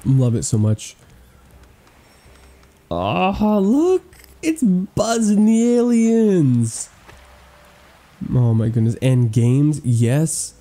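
A man giving excitable, gushing gameplay commentary as he tours a game island, cracking playful puns. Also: a little high, very slow, pauses often. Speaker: gaming YouTuber touring an island.

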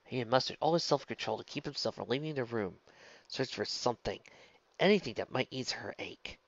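A man reading a fan fiction story aloud in steady, soft-spoken narration. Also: medium pitch, a little fast, creaky, dry recording, lo-fi sound. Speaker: story reader.

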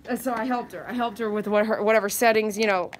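A middle-aged woman and dog groomer chatting casually while she grooms, telling animated stories and laughing often. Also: mid-range voice, quick pace, distant mic, low-quality recording. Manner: chatty, animated storytelling with quoted voices.

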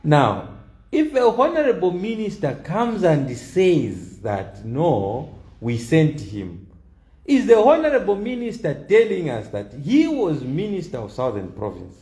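A man's voice: sits high, huge pitch swings, measured pace, a little mellow, roomy sound. A man giving an opinion monologue, emphatic and repeating key lines for stress. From Zambia. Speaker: political commentator.

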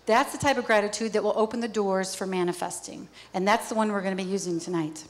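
A woman's voice: mid-range voice, fast talker. A woman speaking on a theater stage, giving a motivational talk and acting out little scenes as she goes. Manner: lively, acts out little scenes.

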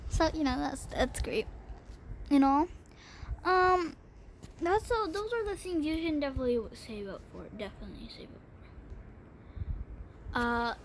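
A woman's voice: a little high, a little hiss or hum. A woman chatting through a game tutorial, gushing over items and complaining dramatically. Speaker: gaming channel host. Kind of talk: casual game tutorial chat.

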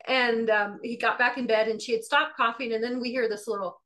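A woman's voice: on the high side, brisk. A middle-aged woman teaching and sharing a personal testimony, telling it conversationally and acting out the dialogue. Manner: lively storyteller acting out dialogue; conversational, with fillers and restarts. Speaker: Christian teacher.

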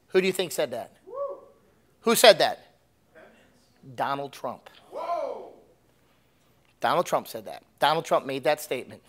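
A man preaching a sermon, animated, swinging between loud emphatic bursts and low asides. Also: normal speed, long pauses. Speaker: pastor.

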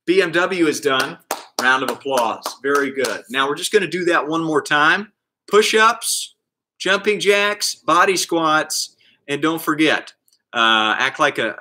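Bright, upbeat male PE coach. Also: a little high. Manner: upbeat, counts out reps and cheers on kids by name. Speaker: PE coach hosting a kids' class. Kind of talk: live online kids' exercise class.

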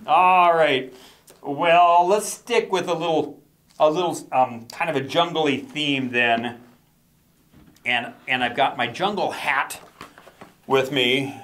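A man's voice: fairly high pitch, slow pace, a bit bright. A man, a children's author, performing his poems and songs for kids, playfully coaxing them to join in. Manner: playful, coaxing call-and-response.

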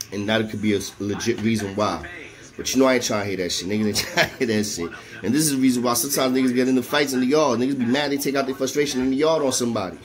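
A man with a New York accent telling a story from his time inside, casual and animated, laughing often, in heavy street slang. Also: medium pitch. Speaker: storyteller recalling prison life.

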